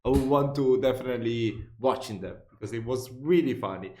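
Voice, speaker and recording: A man's voice: medium pitch, fairly quick, darkish tone, roomy sound. A man hosting a casual reaction video, laughing and stumbling over his words.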